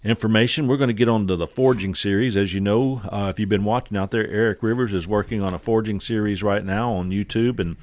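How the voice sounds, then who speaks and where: A man's voice: fairly low pitch, steady tone, quick pace, hardly any pauses, darkish tone. A man hosting a casual podcast, joking with friends and using many fillers. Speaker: podcast host.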